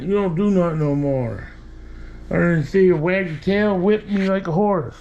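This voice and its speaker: A man's voice: sits high, creaky, a little mellow. A man talking to his pet cat in a casual home video, teasing and affectionate. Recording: dull lo-fi home recording, faint background noise.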